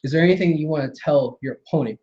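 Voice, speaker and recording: A man's voice: fairly high pitch, fast talker, dark tone, lo-fi sound. A man hosting a live wrestling radio show, chatting casually with a guest, laughing often and keeping things moving. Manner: laughs often, easygoing, wraps up segments. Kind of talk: casual interview chat.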